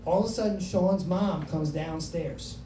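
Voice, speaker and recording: A woman's voice: on the low side, a little slow, noisy background. Brash profane woman doing stand-up. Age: 30s. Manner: brash, profane, hyped-up storytelling. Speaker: stand-up comedian. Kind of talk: stand-up storytelling. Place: comedy club stage. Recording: roomy club sound from a distance.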